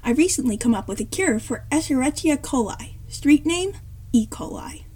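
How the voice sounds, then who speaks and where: A four-year-old genius girl who speaks in stiff, formal phrases, as a woman puts her on. Her voice is high and prim, with a dark, mellow tone. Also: animated, normal speed.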